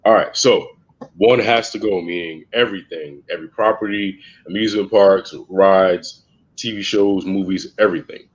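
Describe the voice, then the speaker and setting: A man joining by video call as the guest asking questions, easygoing and quick to laugh. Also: sits low, steady tone, slightly rough, dull audio. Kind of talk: casual chat.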